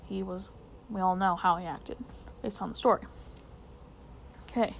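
A woman teacher walks through examples from a novel in a relaxed, conversational way. Her voice sits in a middle pitch, and she often restarts her sentences and fills pauses with small words as she thinks. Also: gravelly, slight background noise. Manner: conversational, many fillers and restarts. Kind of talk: literature lesson explaining a novel.

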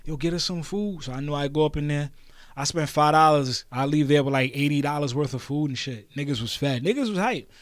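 A man's voice: fairly high pitch, brisk, no room sound, clean studio sound. A man in his thirties with a Brooklyn New York accent, hosting a podcast and telling rambling, profane stories in street slang. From New York City. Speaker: podcast host. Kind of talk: casual storytelling monologue.

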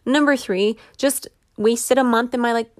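A woman's voice: fairly high pitch, normal speed, dry recording, clean studio sound. A woman in her thirties hosting a podcast, talking candidly and chattily with frequent laughs, openly frustrated. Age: 30s. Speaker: podcast host. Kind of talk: personal podcast monologue.

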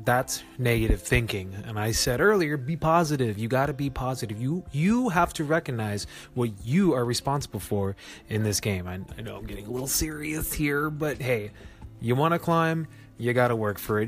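A man hosting a relaxed solo podcast, talking in a chatty, self-mocking way and laughing at his own jokes. His voice is mid-pitched and often leaps higher for emphasis. Faint music plays under him. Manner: animated, jumps up in pitch for emphasis. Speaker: podcast host. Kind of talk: casual solo podcast talk.

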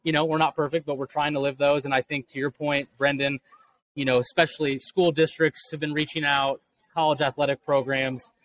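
A man's voice: on the high side, flat delivery, a little fast, a bit bright, poor audio. A man in his thirties, a guest author and speaker, answering earnestly in a podcast interview. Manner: earnest, motivational.

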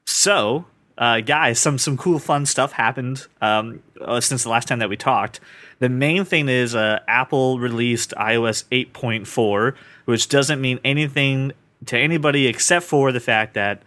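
A man hosts a podcast in a loose, rambling way, poking fun at himself as he goes. His voice sits at an ordinary middle pitch. The recording is dry and close, with no room echo. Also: unhurried, pushed and bright. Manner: chatty, rambling, self-deprecating. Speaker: podcast host. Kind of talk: casual podcast chat.

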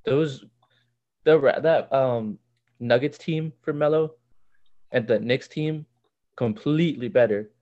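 A man's voice: medium pitch, takes it slowly, long pauses, a little mellow, muffled recording. A man co-hosting a casual sports podcast, blunt and emphatic in his opinions. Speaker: podcast co-host.

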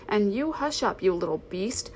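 A woman reading aloud, voicing a stern, sharp-tongued older aunt who scolds and snaps. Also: mid-range voice, expressive, moderate pace, slight background noise, lightly acted. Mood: scolding. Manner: snappish, scolding.

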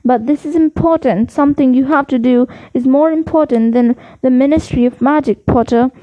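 A woman's voice: sits high, normal speed, close to an everyday voice. A woman reading the part of a stern older female professor in a storybook, with a clipped, strict delivery. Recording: dull lo-fi recording.

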